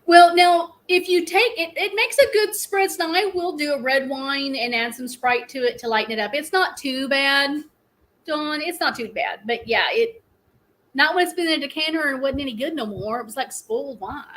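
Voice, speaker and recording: A woman's voice: sits high, moderate pace, fairly bright tone, rough recording. A middle-aged woman, hosting a casual live stream and telling rambling stories with frequent laughs. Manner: chatty, rambling storyteller, laughs often.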